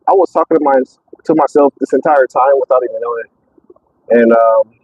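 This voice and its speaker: A man driving a truck, chatting casually on a live stream, excitable and rambling with many fillers, out of breath. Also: mid-range voice, husky, dry recording, muffled recording. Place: in and around a truck.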